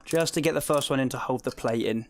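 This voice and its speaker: A man's voice: mid-range voice, fast, soft background music. A man from the south of England with an Essex accent, chatting casually as a streamer while explaining a task and reading chat aloud. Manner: chatty, reads chat aloud, laughs often. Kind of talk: live-stream tutorial chat.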